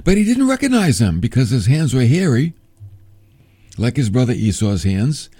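A man's voice: medium pitch, sing-song, normal speed, warm tone, slightly rough. A man teaching a Bible lesson in a chatty, joking way, reading scripture aloud and adding his own asides. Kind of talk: casual Bible storytelling.

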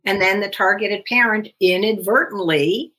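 A woman talks as the guest of a podcast interview, setting out her advice step by step. Her pitch sits in a middle range, and her delivery is measured and instructive. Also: sharp tone. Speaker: guest psychologist.

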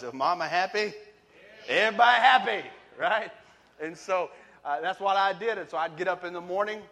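Man preaching a testimony in a hall. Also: on the high side. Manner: emphatic, swings from quiet to shouting. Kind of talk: testimony sermon. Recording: long reverb of a large hall.

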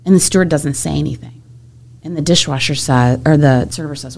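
A woman who is a hotel general manager, telling workplace stories in an animated way as an interview guest. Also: sits low, a little fast, vocal fry. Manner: animated, acts out coworkers' voices in anecdotes. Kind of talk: storytelling in a podcast interview.

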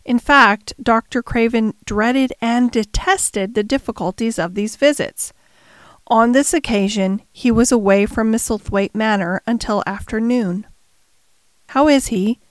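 A woman narrating a classic novel chapter in a measured storytelling manner. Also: fairly high pitch, dry recording. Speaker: audiobook narrator. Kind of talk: scripted narration.

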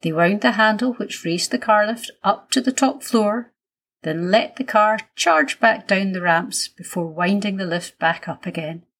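Slow, breathy woman storyteller. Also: medium pitch, fairly bright tone. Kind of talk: children's story reading.

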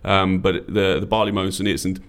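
Low-voiced chatty British man, fast talker. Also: flat delivery, fairly bright tone. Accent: British English. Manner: rambling, jokey, puts on drunk-bloke voices. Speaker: podcast co-host. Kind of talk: casual chat.

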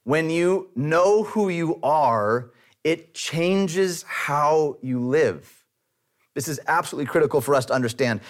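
A man preaching a sermon in a conversational way, with light self-deprecating humor. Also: mid-range voice. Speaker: pastor.

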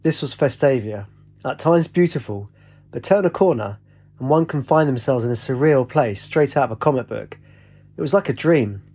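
Husky-voiced man reading a story aloud. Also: medium pitch, moderate pace. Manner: lively, puts on voices for dialogue. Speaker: narrator. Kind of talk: audiobook reading with character voices.

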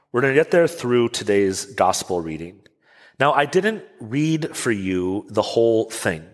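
A man preaching a sermon as a pastor, telling the story with animated rhetorical questions. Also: lowish voice, in a large hall. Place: church sanctuary.

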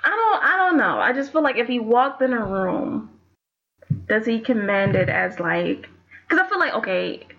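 A chatty woman co-host with a bright, slightly high voice that rises and falls a lot. She weighs in with firm opinions and laughs easily. The recording is muffled and lo-fi. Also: sing-song, moderate pace, creaky. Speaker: podcast co-host. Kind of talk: casual chat. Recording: dull lo-fi sound.

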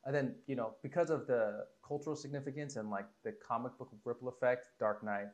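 A man co-hosting a casual movie podcast, relaxed and enthusiastic about film, swearing casually at times. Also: medium pitch, fairly quick, muffled recording. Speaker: podcast co-host.

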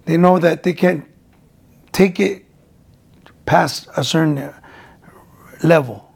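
Gravelly man telling stories casually. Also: a little high, slow, a little mellow. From United States. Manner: rambling, repeats words, drops in Spanish slang. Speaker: guest, former boxer. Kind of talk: casual interview storytelling.

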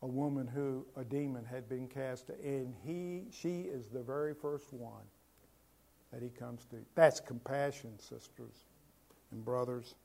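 A man preaching a sermon as pastor, asking the congregation rhetorical questions and swinging from loud, emphatic lines to quiet ones. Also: medium pitch, measured pace.

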